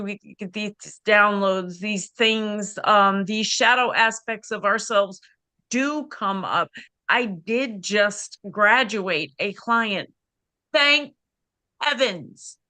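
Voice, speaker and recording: A woman's voice: fairly high pitch, sharp tone, clear, resonant tone, no room sound. A woman coach speaking candidly and conversationally in a women's support circle, on a video call. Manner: candid, conversational, frequent "you know" and "like".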